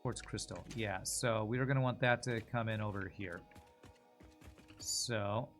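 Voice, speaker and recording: A man's voice: on the low side, a little slow, soft background music. A young man streaming a game, rambling and talking to himself as he works things out. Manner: rambling, talks to himself while working things out. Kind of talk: casual gameplay commentary.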